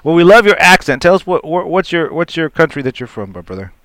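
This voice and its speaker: A man hosting a Christian radio talk show, upbeat and quick to laugh. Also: on the high side, very animated, fairly bright tone, no echo. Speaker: radio host.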